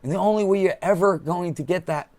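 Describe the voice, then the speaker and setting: A man's voice: high voice, fast, darkish tone. A man delivering a blunt, profane political monologue, mocking others with quoted voices as he rants. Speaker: political commentator. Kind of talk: impassioned monologue.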